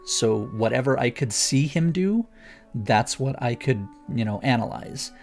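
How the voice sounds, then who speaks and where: Gravelly-voiced man rambling eagerly. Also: mid-range voice, lively intonation, a little slow, darkish tone, soft background music. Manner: rambling, enthusiastic explainer with many restarts. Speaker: guest author. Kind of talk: casual chat.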